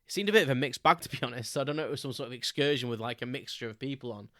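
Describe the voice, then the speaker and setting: A man's voice: mid-range voice, very fast, sharp tone, no room sound, clean studio sound. A man, hosting a podcast and telling a story in a loose, rambling way, with many ums and frequent chuckles. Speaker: podcast host. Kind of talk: casual storytelling monologue.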